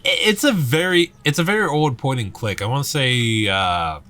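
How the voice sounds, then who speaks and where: A man's voice: mid-range voice, lively intonation, normal speed, pushed and bright. A man co-hosting a let's play, chatting casually about games with lots of fillers, restarts and swearing. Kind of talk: casual chat while gaming.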